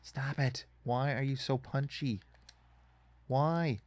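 A man's voice: lowish voice, normal speed, creaky, darkish tone, dry recording. A man casually commenting on a wrestling video game as he plays, rambling and swearing in frustration at it. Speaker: gaming YouTuber.

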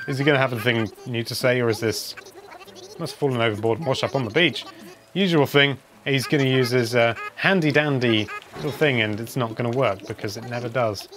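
A man's voice: medium pitch, a little fast, over music. Wry man narrating gameplay. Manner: wry, chatty, hums while playing. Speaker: game video presenter. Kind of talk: casual gameplay commentary.

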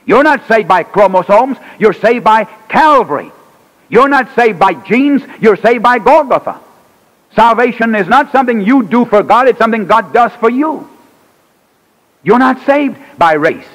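A man preaching a revival sermon in a church, emphatic, with sharp swings in pitch and loudness. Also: lively intonation, normal speed. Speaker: evangelist preacher. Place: church sanctuary. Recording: archival church recording with long reverb.

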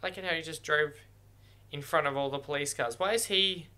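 Man, film reaction commentary, emotional, exclaiming, bright voice, clean sound. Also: a little high, a little fast. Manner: emotional, exclaiming, thinking aloud. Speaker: movie reactor. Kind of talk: first-watch movie reaction commentary.

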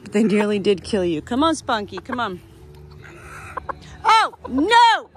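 A woman filming an outdoor farm vlog, shaken and breathless, who switches between sharply scolding her dogs and softly soothing her birds. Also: medium pitch, brisk, a little hiss or hum. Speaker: farm vlogger.

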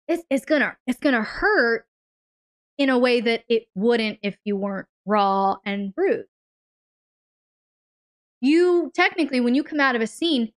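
A woman hosts a live advice stream, her voice smooth and resonant and pitched a little high. She leans hard into key words, stretching them out, and talks directly to her listeners. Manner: emphatic, drawn-out stressed words, addresses listeners directly. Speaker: relationship advice host.

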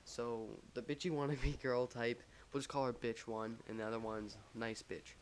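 A guy tells a story in a loose, rambling way, full of "like" and "um," and he jokes at his own expense. His voice sits at a middling pitch and stays flat and level, and a faint hiss of noise runs under it. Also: moderate pace. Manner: rambling, filler-heavy, lots of "like"; joking, self-mocking. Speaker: vlogger telling a story. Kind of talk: casual storytime over gameplay.

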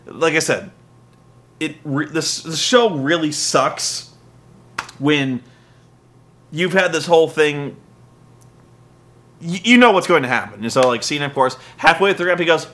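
Bright-voiced rambling man, swearing. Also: on the high side. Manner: rambling, swears often, mimics wrestlers in quick asides. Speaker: wrestling recap host. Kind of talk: casual profane comedic recap.

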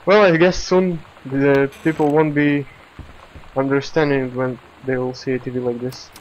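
A man's voice: medium pitch, flat delivery, moderate pace, dull audio, slight background noise. A man giving casual let's play commentary, reading in-game texts aloud, stumbling over words and laughing at himself, recorded at home at his computer.

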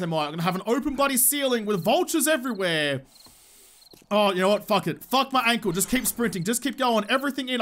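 A man's voice: sits high, a bit bright, slight background noise. A young man giving frantic, swearing commentary to himself while playing a video game. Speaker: gaming channel host. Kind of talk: live gameplay commentary.

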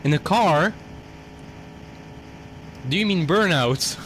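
A man's voice: on the high side, expressive, slow pace, fairly bright tone, slight background noise. A man streaming a driving game, commenting loosely and with swearing as he thinks aloud. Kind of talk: casual gameplay commentary.

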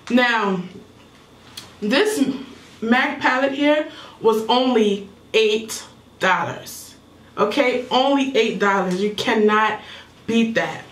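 A woman's voice: fairly high pitch, far from the mic. A young woman vlogger walking through a makeup palette step by step in a casual, slightly mumbled tutorial. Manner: explains step by step while showing products. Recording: echoey room, voice away from mic.

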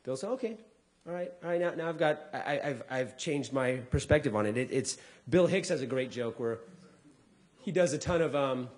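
A man, a comedian, speaking casually to a live audience, acting out people's lines with big pitch jumps and dropping low for asides. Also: lively intonation, moderate pace. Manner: drops to a quieter, lower voice for asides. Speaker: comedian giving a talk.

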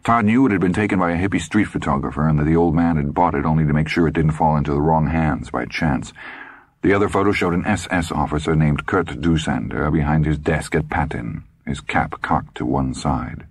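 A man reading an audiobook aloud with dramatic, expressive storytelling. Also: extremely low pitch, a little fast, slightly rough, no echo, clean studio sound. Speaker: audiobook narrator. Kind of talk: scripted audiobook narration.

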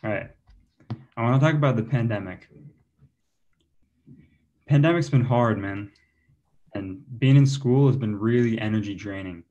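A man's voice: lowish voice, moderate pace, pauses often, mellow, lo-fi sound. A young man doing a self-deprecating stand-up comedy set for an online show, chuckling between his jokes. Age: young adult. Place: online show, home setup.

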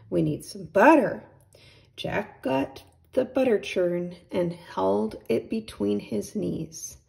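A woman hosting a children's storytime, reading a picture book aloud in a gentle, unhurried way. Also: mid-range voice, vocal fry, slightly rough. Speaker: storytime host.

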